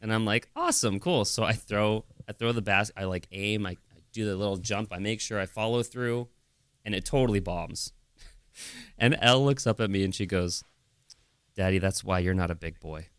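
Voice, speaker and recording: A young man with a low, deep voice tells a story on a podcast, acting out quotes as he goes. The sound is dry and close. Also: fairly even intonation, normal speed, a bit bright, clear, resonant tone, no echo. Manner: storytelling with laughs and acted-out quotes. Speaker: podcast co-host. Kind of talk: casual chat.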